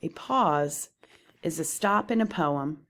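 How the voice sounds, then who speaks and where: A woman with a low voice teaches poetry terms from her slides. She speaks slowly and deliberately, pausing as she explains each term. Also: expressive.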